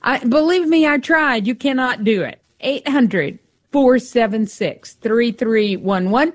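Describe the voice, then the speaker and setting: Woman co-hosting a radio fundraiser, slow easy talk, higher voice, thanking callers. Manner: unhurried, reads donor thanks, says numbers slowly.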